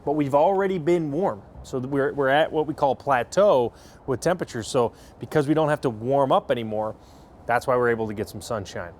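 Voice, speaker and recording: A man's voice: medium pitch, darkish tone, a little hiss or hum. A man giving a TV weather forecast in a chatty, upbeat way. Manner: chatty, upbeat, quick bursts. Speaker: meteorologist.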